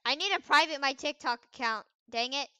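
A young woman giving casual commentary over a game she is playing, swinging between loud trash talk and quiet mumbled asides. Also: high-pitched, a little fast, no echo. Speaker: gaming video creator.

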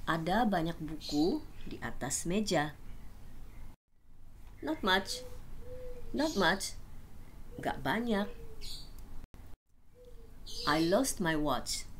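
A woman with a lowish voice reads short practice sentences as a language teacher, saying each one twice at an unhurried pace. A faint hiss sits under the recording. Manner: slow, deliberate repetition of each sentence. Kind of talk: reading phrase drills.

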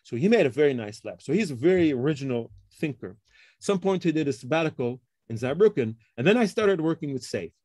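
A middle-aged man, a computer science professor, talks through research history in a relaxed interview and often checks in with "okay?" and "huh?". He acts out the colleagues he quotes. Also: fairly high pitch, fast, no echo. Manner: explains with frequent tag questions like okay and huh. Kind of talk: casual interview conversation.

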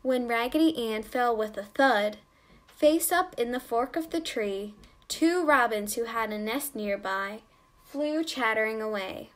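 A woman reading a children's story aloud with slow, gentle storybook narration. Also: a little high.

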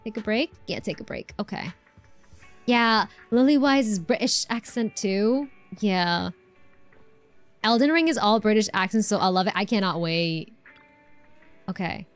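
Woman, game streamer, casual rambling chat, answers chat, mid pitch, soft music behind. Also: lively intonation, measured pace, pauses often, no echo. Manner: chatty, rambling, answers chat, lots of fillers. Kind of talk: casual live-stream chat over gameplay.

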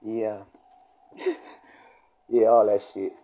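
A man teaching from the Bible, who reads verses slowly and then explains them in blunt, profane slang. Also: on the low side, level tone, dark tone. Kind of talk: casual scripture teaching video.

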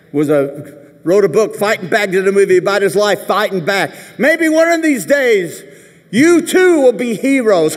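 Lively man giving a reverberant commencement speech. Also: high-pitched. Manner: animated storyteller, jokey asides, acts out quoted voices. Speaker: commencement speaker. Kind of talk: commencement speech told through rambling anecdotes. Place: large ceremony venue. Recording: long reverb of a big hall.

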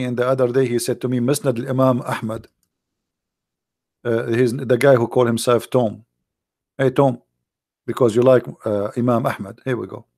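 A man's voice: fairly high pitch, no room sound, clean studio sound. A man hosting a livestream who mocks and taunts his viewers in a sarcastic way, often laughing and reading their chat comments aloud. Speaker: livestream host.

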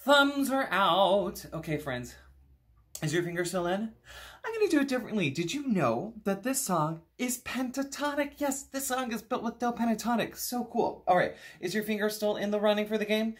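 A man's voice: high voice, expressive, moderate pace. A man teaching a playful, theatrical music lesson to young children. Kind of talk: scripted kids' music lesson.

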